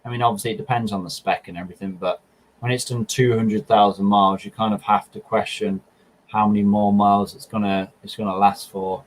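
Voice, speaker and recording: A young man with a slightly low voice chats casually to his viewers about cars. He rambles, pauses on ums and restarts his sentences, in a relaxed, unhurried way. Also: slight background noise, poor audio. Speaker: car channel host answering viewer questions. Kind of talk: casual chat.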